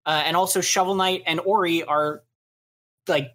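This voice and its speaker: A man's voice: high voice, steady tone, normal speed, a bit bright. Casual male podcast co-host, rambling and chatty. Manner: rambling, filler-heavy. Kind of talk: casual chat.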